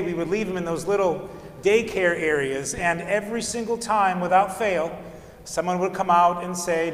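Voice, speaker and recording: A middle-aged man, an Orthodox priest, giving a calm, conversational sermon with storytelling. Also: high voice. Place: church. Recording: echoey church hall.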